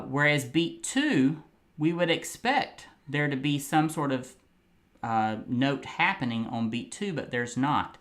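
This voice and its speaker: A man's voice: medium pitch, fairly bright tone. A man teaching a piano lesson, patiently explaining rhythm and counting beats aloud while he plays. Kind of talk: music lesson. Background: faint piano playing.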